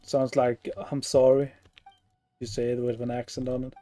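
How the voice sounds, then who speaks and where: A man's voice: mid-range voice, little pitch movement, moderate pace, mellow, no echo. A man giving casual gameplay commentary, sarcastic and swearing freely as he plays. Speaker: gaming streamer.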